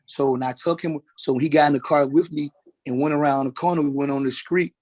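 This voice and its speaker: Husky-voiced man testifying. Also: on the high side, steady tone, a little mellow. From Atlanta, Georgia, US. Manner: halting, repeats words, trails into fillers. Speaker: witness. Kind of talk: courtroom testimony. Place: courtroom.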